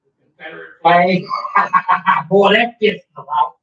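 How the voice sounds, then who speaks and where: Man, interviewee; cursing, worked-up, bragging delivery; high voice; recorded far off in an echoey room, dull sound. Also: slow, creaky, bright, forceful tone. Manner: profane, agitated, boastful. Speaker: interviewee recounting a UFO encounter. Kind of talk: rambling storytelling to an interviewer.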